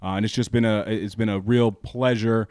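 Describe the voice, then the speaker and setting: A young man co-hosting a podcast, talking earnestly in a halting way with many restarts. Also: on the low side, fairly even intonation, a little mellow, clear, resonant tone, no echo, clean studio sound. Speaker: podcast co-host. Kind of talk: casual chat.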